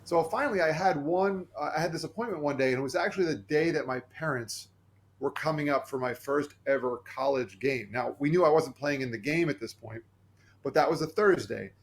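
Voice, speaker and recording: A man who is a podcast guest, telling a personal story in an earnest, animated way and acting out the voices he quotes. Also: fairly high pitch, fairly quick.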